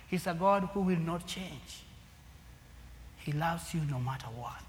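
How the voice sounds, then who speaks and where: A man preaching a sermon to a congregation, swinging from loud emphatic lines to near-whispers. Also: a little high, measured pace. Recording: long hall reverb, faint room noise.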